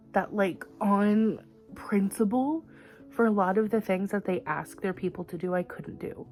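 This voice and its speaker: A woman's voice: mid-range voice, a little mellow. A woman talking casually in a reading vlog, rambling with lots of "like" fillers. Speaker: reading vlogger.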